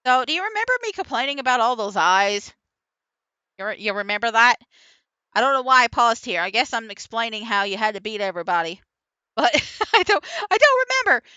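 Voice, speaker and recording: A woman streamer rambling through casual gameplay commentary in an excitable, laughing way, voiceover added after the stream. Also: a little high, fast talker, clear, resonant tone, no echo. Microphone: voiceover recorded after the stream.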